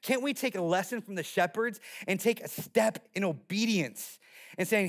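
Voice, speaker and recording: High-voiced man preaching a sermon. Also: normal speed. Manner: animated storytelling with playful character voices. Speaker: pastor.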